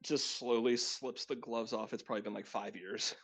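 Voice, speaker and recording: A woman playing in a tabletop game, slipping between halting in-character lines and soft narration of her character. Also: rumbling low, fairly even intonation, husky, soft background music. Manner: mixes halting in-character speech with soft asides. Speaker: player. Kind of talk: tabletop role-play chat.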